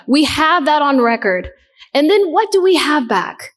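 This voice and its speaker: A middle-aged woman preaches with earnest conviction. She keeps putting questions to her listeners and repeats her main points. Her voice sits fairly high. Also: very animated, measured pace. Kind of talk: sermon.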